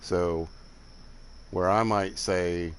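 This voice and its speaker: A man's voice: low-pitched, fairly even intonation, extremely slow, a little hiss or hum. An older man from Alabama with a Southern accent touched by the Midwest, chatting casually and rambling while he plays a game. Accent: Southern US with some Midwestern. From Alabama, southern United States. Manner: rambling, laid-back, chuckling, drifts off while building. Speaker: game streamer. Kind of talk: casual chat while playing.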